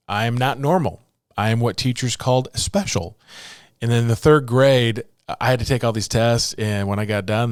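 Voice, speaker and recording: A man's voice: mid-range voice, dry recording, clean studio sound. A motivational speaker, a man, talking in an earnest way with light jokes.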